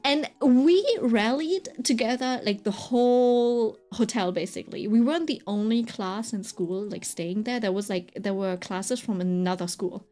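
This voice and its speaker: A woman's voice: on the high side, unhurried, few pauses, warm tone, soft background music. A woman streamer telling a story in a casual, rambling way, full of fillers and constant "right?" check-ins. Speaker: streamer chatting while drawing.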